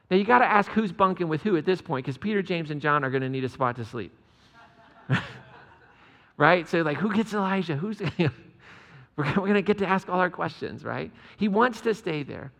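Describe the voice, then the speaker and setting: A man's voice: fairly high pitch, lively intonation, normal speed, creaky, fairly bright tone, in a large hall. A man preaching a conversational sermon, joking with the congregation in chatty asides. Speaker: pastor.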